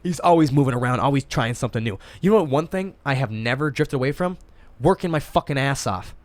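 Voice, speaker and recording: Fast-talking young man hosting a podcast. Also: mid-range voice, expressive, no echo. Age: 20s. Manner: fast, emphatic, swears freely. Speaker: podcast host. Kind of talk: casual chat.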